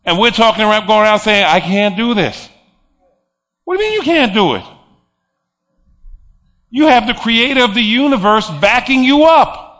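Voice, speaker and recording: High-voiced emphatic male preacher. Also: sing-song, moderate pace, long pauses, a bit bright. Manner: emphatic, repeats phrases, chuckles often. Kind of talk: sermon.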